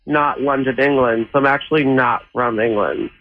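A man's voice: mid-range voice, moderate pace. Sheepish man on a tinny phone line. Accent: American. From Canada. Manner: sheepish, apologetic. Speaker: caller. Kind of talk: casual chat on a phone call.

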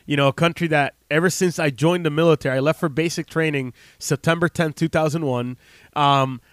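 A man's voice: a little high, fairly even intonation, brisk, clean tone, dry recording, clean studio sound. A man in his late thirties from the United States, a health practitioner talking casually to camera in a rambling, heartfelt way, full of fillers and restarts. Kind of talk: casual unscripted monologue.

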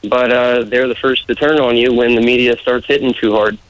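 A man's voice: mid-range voice, little pitch movement, fairly quick, low-quality recording. A man with a muddled mixed accent, a political candidate answering radio interview questions in an easygoing way. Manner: easygoing, laughs off teasing.

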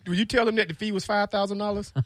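A man in a casual chat who needles the host with quick wisecracks. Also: sits high, fairly even intonation, a bit bright, no room sound, studio quality.

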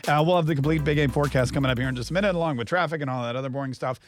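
A man's voice: medium pitch, rapid-fire, faint music behind. An American man hosting a morning radio show, teasing his co-host and telling stories in a joking way. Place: radio studio. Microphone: studio microphone.

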